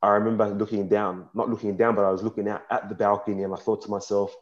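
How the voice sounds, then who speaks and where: A young man talks frankly and earnestly at a panel, his voice sitting fairly low. His speech halts now and then as emotion comes through. The recording sounds dull and lo-fi. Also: flat delivery, quick pace, few pauses. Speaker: panel speaker. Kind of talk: personal testimony at a panel talk.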